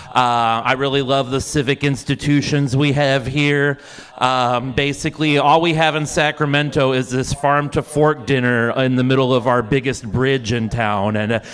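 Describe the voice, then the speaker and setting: A man doing a stand-up set at a live comedy show, delivering dark jokes in a dry, deadpan way. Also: fairly high pitch. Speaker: stand-up comic. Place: live comedy club stage.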